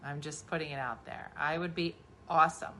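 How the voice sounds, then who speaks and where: A woman's voice: low voice, steady tone, fairly quick, bright, forceful tone, slight background noise. A middle-aged woman from New Jersey, a comedian, chatting casually with her kid in a dry, teasing, sarcastic way. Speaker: comedian and podcast host.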